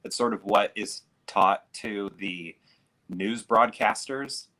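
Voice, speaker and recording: Casting: low-voiced Midwestern American man, easygoing chat guest with a forceful edge. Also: slow, low-quality recording. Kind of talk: casual chat.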